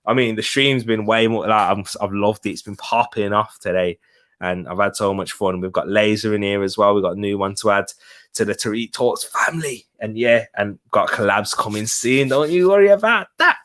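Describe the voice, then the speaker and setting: A man's voice: on the low side, normal speed, a bit bright. A young man from the West Midlands of England, hosting a live football watch-along in an upbeat, chatty way and thanking viewers by name. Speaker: live stream host.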